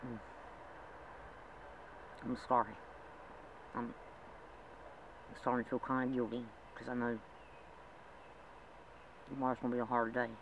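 A man's voice: medium pitch, little pitch movement, unhurried, pauses often. A man talking in a rambling, emotional way in a homemade drama, with frequent laughs. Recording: distant mic with loud background noise.

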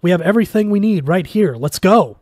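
A man's voice: lively intonation, a little fast, darkish tone, dry recording, clean studio sound. A man voicing a hysterical, raving male scientist who screams in panic. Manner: shrill screaming.

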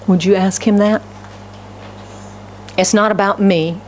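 A woman pastor preaching a sermon in a church. She swings between raised, fervent declarations and hushed, near-whispered pleading, and keeps putting questions to the congregation. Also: mid-range voice, fairly even intonation, a little slow, long pauses, slight background noise. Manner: asks the congregation rhetorical questions. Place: church sanctuary.

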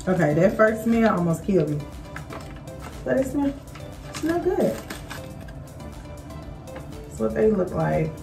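A woman, chatting casually to camera in a vlog, a bit out of breath, with lots of fillers and animated quoted voices. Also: medium pitch, normal speed, creaky, long pauses, recorded from a distance, rough recording. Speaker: vlogger. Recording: voice a little off-mic, faint music.

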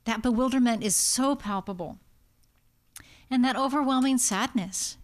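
A woman's voice: on the high side, normal speed. A woman palliative care doctor with an American accent, giving an informal talk and telling stories that act out what families say. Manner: lively, anecdotal, acts out quotes.

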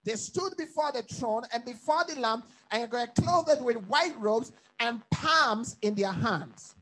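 A man's voice: very high voice, expressive, a little slow, bright, forceful tone, rough recording. A man from Africa, a pastor leading a bible study, preaching emphatically with repeated phrases and questions to his listeners.

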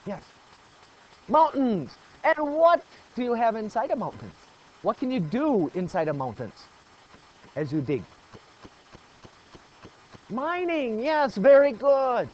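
A man's voice: very high-pitched, sing-song, slow pace, pauses often. A man teaching a geography lesson to a class, asking questions, praising answers and repeating key points. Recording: dull lo-fi classroom recording.

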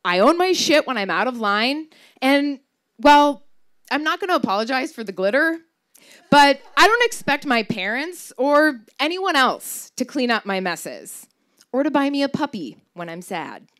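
Woman, 30s, stage storyteller; wry, candid delivery with a very animated melody. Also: high-pitched, a little slow. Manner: wry, candid, swears for comic emphasis. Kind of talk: live personal storytelling performance.

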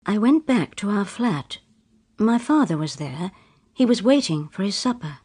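A woman's voice: mid-range voice, very animated, a little slow, a little mellow, husky. A woman reading a short story aloud in plain, simple sentences for English learners. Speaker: story reader.

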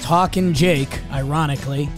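A hoarse man who has lost his voice, hosting a casual sports podcast with a jokey manner. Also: fairly high pitch, steady tone, moderate pace, over music. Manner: jokey, drops into gravelly impressions. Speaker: podcast host.

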